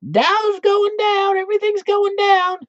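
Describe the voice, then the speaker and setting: A man mimicking panicking economists, yelling mockingly about a market crash in a shrill voice. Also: level tone, a little slow, no room sound. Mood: mocking panic. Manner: high-pitched mocking yelling. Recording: dull lo-fi recording.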